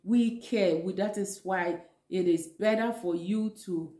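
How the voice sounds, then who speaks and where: Her mid-range, warm voice moves at an unhurried pace as she lectures viewers on relationships in a home video shot in her kitchen. The woman speaks Ghanaian English, hammers points home by repeating phrases in an earnest, preachy way, and the room audibly reverberates.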